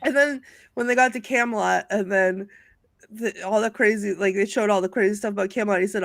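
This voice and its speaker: A woman on a video call chatting excitedly with friends on a live stream, laughing often as she talks. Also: mid-range voice, fairly quick, vocal fry, dry recording. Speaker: panelist. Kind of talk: casual chat on a live stream.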